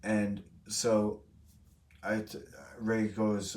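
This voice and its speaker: A man's voice: on the low side, a little slow. A young man hosting a live stream, telling a story to his chat in a rambling, profane, self-correcting way. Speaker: streamer host. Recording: roomy, from a distant mic.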